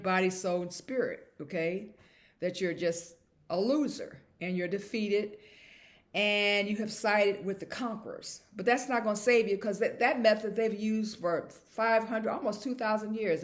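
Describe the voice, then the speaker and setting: A woman vlogger talking to camera in a casual monologue, emphatic and repetitive and chuckling at herself. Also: medium pitch.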